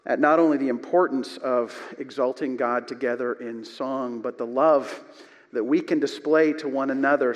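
A male pastor preaching a sermon to his congregation, telling stories with animated swings between loud and quiet. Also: on the high side. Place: church sanctuary. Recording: long reverb of a church hall.

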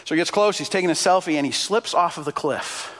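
A male pastor delivering a passionate sermon, building up to loud exclamations and telling stories. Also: a little high, quick pace, in a large hall. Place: church in Canada.

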